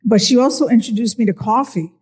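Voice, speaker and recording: An older woman with a New York accent, a physician sharing her personal testimony in an earnest storytelling way, with soft chuckles. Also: on the high side, fast talker, husky.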